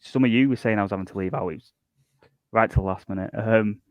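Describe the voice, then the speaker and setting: A man on a podcast, talking casually and hesitantly with many pauses and fillers. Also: fairly low pitch, darkish tone, dry recording. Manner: hesitant, many uhs and ums while listing songs. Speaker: podcast guest. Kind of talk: casual chat.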